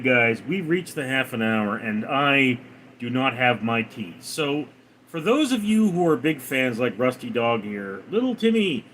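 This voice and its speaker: Man, stream host, slow and deadpan, fairly high voice with big pitch swings, faint noise behind. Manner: deadpan, jokey, dips into a deep gravelly voice for punchlines; sings snatches of song in a high voice. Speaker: livestream host reading chat. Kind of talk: casual livestream chat.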